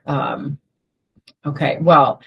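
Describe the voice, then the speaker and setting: A woman's voice: low voice, level tone, drawn-out words, husky, dull audio. A middle-aged woman teaching an emotional health group in a conversational way, using everyday analogies and acting out small examples. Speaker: group facilitator.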